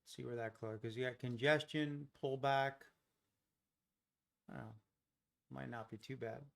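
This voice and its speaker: Guy doing live trading commentary, talks to himself about setups, mid pitch, easygoing, second-guesses his calls. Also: steady tone, unhurried, gravelly. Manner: muses aloud, questions his own trade ideas. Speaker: futures day trader streaming live.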